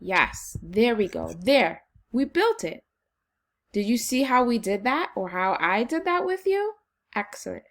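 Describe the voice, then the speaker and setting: A woman teacher leading a phonics lesson for children, slowly and encouragingly sounding out syllables. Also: fairly high pitch, big pitch swings, fairly bright tone.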